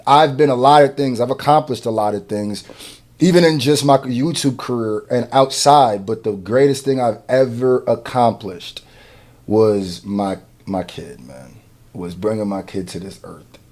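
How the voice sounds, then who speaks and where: A young man, a new father, reacting to a music video in casual commentary, getting emotional and swinging from quiet murmurs to loud laughing outbursts. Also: medium pitch, unhurried.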